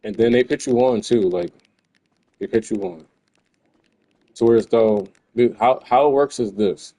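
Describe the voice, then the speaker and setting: Low-voiced, laid-back gamer. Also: male voice, a little slow, mellow, low-quality recording. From New Jersey. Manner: laid-back, slangy, rambling. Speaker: gaming streamer. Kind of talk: casual commentary while playing. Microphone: USB desk microphone.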